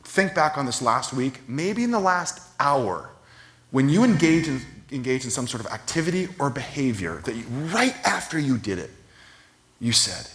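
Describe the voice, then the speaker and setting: A man's voice: medium pitch, big pitch swings, moderate pace, a bit bright. A man preaching a sermon as pastor, conversational and storytelling, with self-deprecating humor. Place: church sanctuary.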